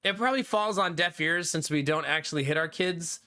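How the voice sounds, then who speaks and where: A man's voice: a little high, brisk, pushed and bright. A man in his thirties streaming a game and chatting casually with viewers, laughing often and swearing freely. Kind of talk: casual chat reading live chat.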